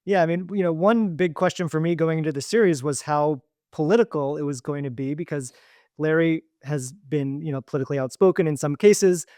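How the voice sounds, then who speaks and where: A man's voice: on the high side, fairly quick, dark tone, no echo, studio quality. A man hosting a podcast, asking long, thoughtful questions with many hedging fillers. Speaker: podcast host. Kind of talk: interview questions.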